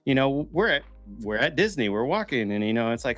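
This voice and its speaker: A man's voice: mid-range voice, a little fast, hardly any pauses, no room sound, soft background music. A man hosting a podcast, talking casually and telling stories with swearing and acted-out quoted voices. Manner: animated storyteller who acts out quoted voices and swears freely. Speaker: podcast host. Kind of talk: casual conversational talk.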